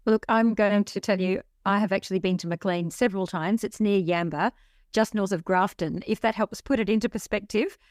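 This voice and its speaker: A woman co-hosts a travel podcast with lively enthusiasm. She talks in a mid-range voice, sharing her own memories. The recording is close and dry. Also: mid-range voice, brisk, dry recording. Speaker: podcast co-host. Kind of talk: casual chat.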